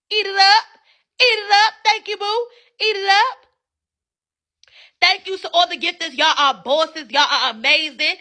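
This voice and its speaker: Woman livestream host, very high, sharp-toned, brash and cussing, phone mic. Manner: brash, hypes viewers for gifts, frequent cussing. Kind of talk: casual livestream chat.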